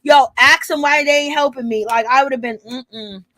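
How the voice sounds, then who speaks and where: A woman hosting a casual reality TV recap, gossiping with slang and quick asides to her viewers. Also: high-pitched, fairly even intonation, pushed and bright, no room sound. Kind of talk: casual commentary on a reality show.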